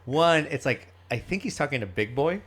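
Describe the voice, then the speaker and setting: A man's voice: on the high side, lively intonation, moderate pace, fairly bright tone. A man co-hosting a podcast in casual chat, rambling, swearing and laughing often. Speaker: podcast co-host.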